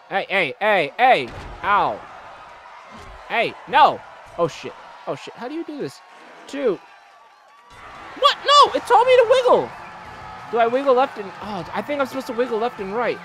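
Man, high and bright, commentating a game with big yells, wildly swinging pitch. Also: normal speed, soft background music, some chatter behind. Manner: excitable, shouting, swearing. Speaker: gamer. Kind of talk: let's-play commentary.

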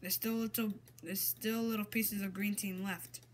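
A woman's voice: mid-range voice, normal speed, a little hiss or hum. Exasperated young-sounding woman gaming. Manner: exasperated, excitable, mild minced oaths. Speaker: gamer. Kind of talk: gameplay commentary.

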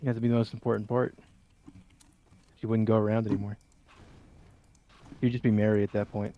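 Deadpan, fast-talking young man trolling his friend. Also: lowish voice, muffled recording. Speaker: co-op gaming guest. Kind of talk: casual co-op gameplay banter.

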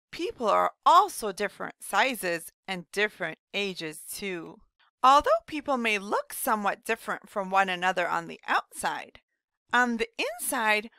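A woman voicing a cheerful rhyming woman children's doctor, explaining slowly and gently to young children in a scripted read-aloud lesson. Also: mid-range voice, no room sound, clean studio sound, heavily acted.

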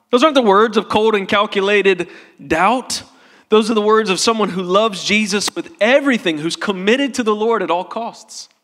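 A man's voice: high voice, fairly bright tone, long reverb tail. A male pastor preaching a sermon in an earnest, tender way, in a church sanctuary.

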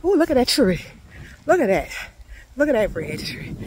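A woman vlogging as she walks up a hill outdoors, chanting greetings and blessings in a sing-song voice that cracks into high cries. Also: sing-song, moderate pace, long pauses, a little mellow, a little hiss or hum.

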